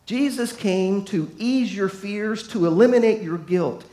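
A man preaching a sermon to a congregation, folksy and emphatic, swinging from loud to hushed. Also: high-pitched, unhurried. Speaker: pastor. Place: church sanctuary. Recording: echoey room.

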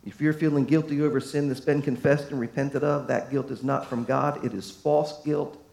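A man preaching a sermon to a congregation, folksy and emphatic, swinging from loud to hushed. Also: medium pitch, fairly even intonation, moderate pace, vocal fry. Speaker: pastor. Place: church sanctuary. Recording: echoey room.

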